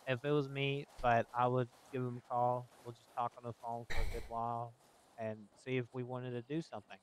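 A man in an in-character roleplay discussion, calm and conciliatory, offering measured advice. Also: mid-range voice, background noise. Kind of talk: in-character group argument.

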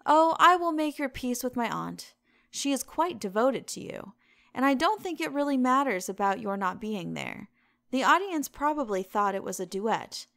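A woman reading the lines of a witty, languid aristocratic gentleman in a storybook reading, in a teasing, drawling way. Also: high-pitched, big pitch swings, moderate pace, creaky, dry recording, full character voice.

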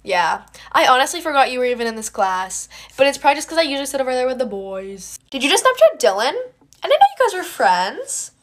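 Woman, comedy sketch, high voice, gossipy, fake-friendly. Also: sing-song, quick pace, hardly any pauses.

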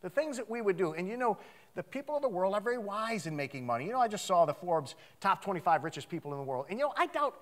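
A man preaching a sermon in a church, animated, swinging from loud outcries to hushed asides. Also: sits high, fast talker. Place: church sanctuary.

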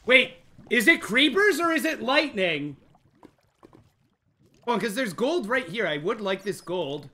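A young man streaming a game live, jumpy and excitable, talking straight to his chat. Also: sits high, unhurried, long pauses. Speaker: gaming livestreamer. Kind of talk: live let's-play commentary.

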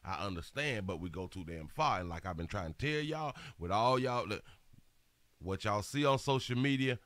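A man's voice: lowish voice, lively intonation, moderate pace, a bit bright, no echo. A man hosting a commentary show, reacting to a news clip with mocking, slangy talk and swearing.

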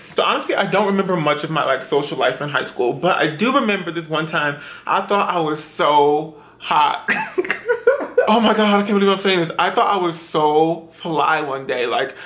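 Gushing, dramatic young man vlogger, slightly high voice. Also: fairly bright tone. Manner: dramatic, self-mocking, gushing. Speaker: beauty vlogger. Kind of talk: chatty get-ready-with-me storytime.

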